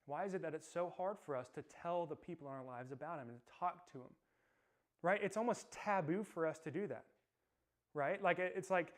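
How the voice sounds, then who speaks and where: Young man, youth pastor, casual storytelling sermon, slightly high voice, lots of "like". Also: fairly quick. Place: youth service room, streamed live.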